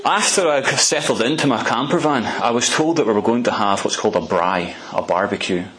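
A man's voice: mid-range voice, fairly quick, a bit bright, low-quality recording. A man preaching a storytelling sermon in a conversational way, often restarting and repeating words.

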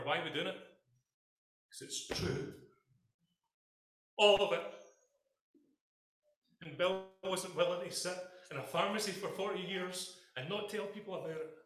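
A man's voice: on the high side, a little fast, fairly bright tone. A Scottish man preaching a passionate sermon to his congregation in a church hall, speaking emphatically and addressing them directly. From Scotland. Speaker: pastor.

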